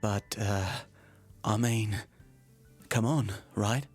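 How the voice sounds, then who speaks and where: A woman doing a teasing low-voiced young guy. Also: drawn-out words, a little mellow, faint music behind, full character voice.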